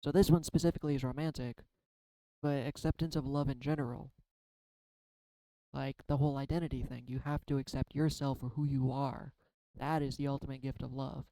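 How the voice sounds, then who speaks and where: A man's voice: mid-range voice, flat delivery, brisk, mellow, dry recording, low-quality recording. A man rambling through a spiritual card reading in a casual, confessional vlog, often self-deprecating. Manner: tearful at times. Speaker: tarot card reader.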